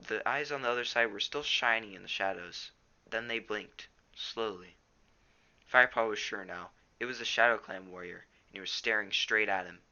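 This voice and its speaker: A man's voice: fairly low pitch, normal speed, pushed and bright, highs cut off. A teenage boy reading a novel aloud at home, plainly, with small stumbles. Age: teens. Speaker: reader.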